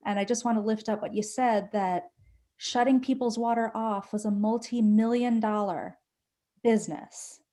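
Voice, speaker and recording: Woman hosting a panel talk, thoughtful and measured, warm mellow voice. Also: on the high side, fairly even intonation. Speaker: panel moderator. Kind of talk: moderating a panel discussion.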